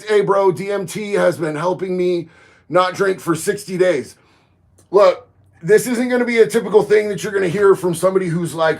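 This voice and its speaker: A man, chatting casually on a livestream, reading viewer comments and getting loud and emphatic on his opinions. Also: sits high. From Florida. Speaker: livestream host.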